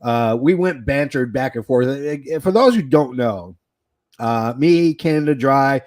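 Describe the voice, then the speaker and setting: A man co-hosting a wrestling podcast in casual chat, excitable and joking, rambling with fillers. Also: medium pitch, measured pace, no echo. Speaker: podcast co-host.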